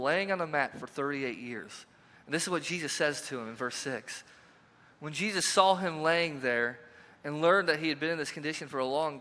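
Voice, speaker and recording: A man's voice: fairly high pitch, bright, forceful tone. A pastor preaching a conversational sermon to his congregation, repeating rhetorical questions and dropping in joking asides. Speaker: lead pastor. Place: church sanctuary. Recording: long hall reverb.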